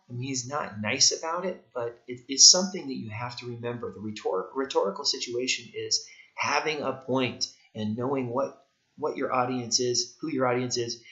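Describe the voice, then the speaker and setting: A man's voice: medium pitch, sharp tone. A male writing instructor giving a recorded course lecture, emphatic and repeating his key points. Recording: echoey room, dull lo-fi sound.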